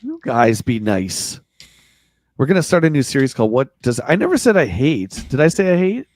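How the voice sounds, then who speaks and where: Jokey man with a lively voice. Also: mid-range voice, normal speed, no room sound. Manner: jokey, reads articles aloud with sarcastic asides. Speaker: podcast co-host. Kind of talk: casual livestream chat reading a magazine.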